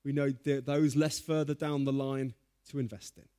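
A man preaching a sermon, telling stories in a lively, humorous way. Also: mid-range voice, moderate pace.

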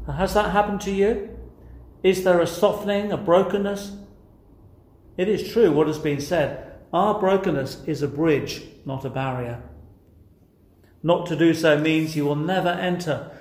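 A man's voice: on the high side, measured pace, darkish tone. A man preaching a sermon, earnest and emphatic, putting rhetorical questions to his listeners. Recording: echoey room.

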